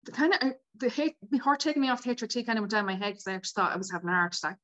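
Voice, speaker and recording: A woman, a podcast guest telling a personal story in a lively way and acting out the people she quotes. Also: a little high, racing, muffled recording. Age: 50s. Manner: animated, acts out quoted dialogue. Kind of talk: casual storytelling.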